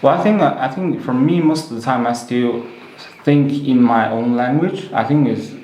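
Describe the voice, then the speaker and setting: A man's voice: mid-range voice, normal speed, dark tone. Man, echoey room. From China. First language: Chinese. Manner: thoughtful, with many "you know" and "like" fillers. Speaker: host. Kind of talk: casual conversation. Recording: roomy echo with faint noise.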